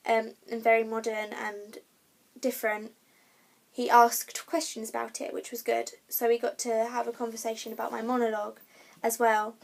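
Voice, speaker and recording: A young adult woman vlogger with a fairly high, gravelly voice chats casually to camera. She tells her story with frequent ums and restarts.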